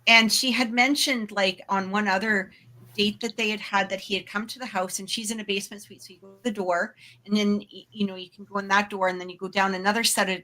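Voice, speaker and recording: Bright-voiced chatty woman storyteller. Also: medium pitch, fairly even intonation, fast. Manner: chatty, full of fillers and asides; laughs readily while telling. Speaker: podcast co-host. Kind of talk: casual storytelling.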